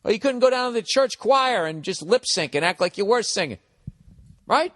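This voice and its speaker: Blunt, profane comedian host in his forties, Boston accent, fairly high voice, long reverb on the recording. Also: animated, normal speed, a bit bright. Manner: profane, blunt, mock-harsh then encouraging. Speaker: comedian podcast host giving advice. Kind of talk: rambling comic advice monologue.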